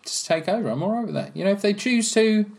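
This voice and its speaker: A man's voice: high voice, lively intonation, fast, vocal fry, a little mellow. A man co-hosting a film rewatch podcast, joking and agreeing in casual, rambling talk. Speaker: podcast co-host.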